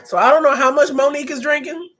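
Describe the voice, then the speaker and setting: Lively high-voiced woman reacting. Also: fast. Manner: animated, blunt, laughs and exclaims often. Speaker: reaction video host. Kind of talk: casual reaction commentary.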